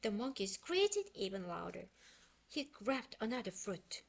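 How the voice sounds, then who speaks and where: A woman reading a children's book aloud in expressive, unhurried storytelling; her first language is Korean. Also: medium pitch, creaky. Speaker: book reader.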